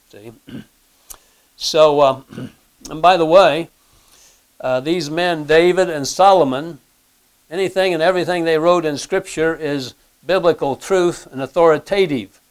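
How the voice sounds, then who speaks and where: A man delivers a sermon in an easygoing, conversational manner, pausing on fillers and clearing his throat. His voice sits a little high for a man and sounds smooth and clear. He keeps asking his listeners questions. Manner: asks the listeners rhetorical questions. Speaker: pastor.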